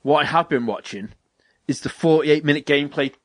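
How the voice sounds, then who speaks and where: A man chatting casually about video games, animated, swearing freely and acting out little quotes. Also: a little high, brisk, no room sound. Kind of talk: casual gaming chat.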